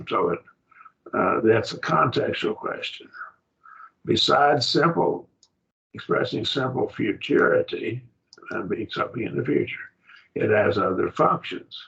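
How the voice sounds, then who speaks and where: A man's voice: lowish voice, vocal fry, a bit bright. A man teaching a Greek grammar class, explaining patiently and checking in with his students, heard from a distant mic. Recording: distant mic, dull muffled classroom recording.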